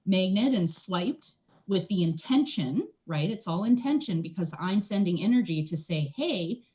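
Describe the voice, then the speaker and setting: A woman's voice: fairly low pitch, normal speed. A woman speaking as a guest in an interview, explaining things in a chatty, casual way and often checking in with "right?". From Canada. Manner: chatty, often tags "right?", animated asides. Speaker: energy healer, guest.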